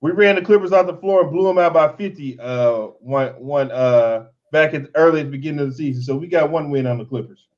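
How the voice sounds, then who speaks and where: Fan show host, man, slightly high voice, exasperated joking delivery, dull lo-fi recording. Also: fairly even intonation, a little fast, hardly any pauses. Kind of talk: casual sports chat with highlight commentary.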